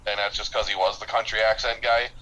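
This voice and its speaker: A man's voice: fairly low pitch, little pitch movement, fast, pushed and bright, poor audio. A man co-hosting a podcast, telling rambling stories with lots of swearing. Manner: profane, rambling storyteller. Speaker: podcast co-host. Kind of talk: casual chat.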